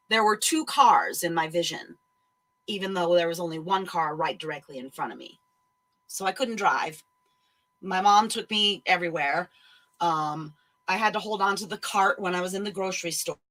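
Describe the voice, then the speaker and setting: Lady vlogger ranting, bright voice, swears a lot, real animated. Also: fairly low pitch, rough recording. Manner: blunt, swears freely, animated. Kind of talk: casual chat, ranting story.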